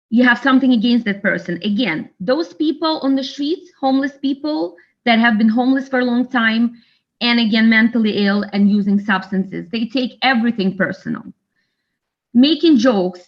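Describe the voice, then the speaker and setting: Calm woman teaching over a webinar. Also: a little high. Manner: calm, measured, coaching tone. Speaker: webinar presenter. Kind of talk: instructional talk on de-escalation. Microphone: video call. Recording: slightly dull online webinar audio.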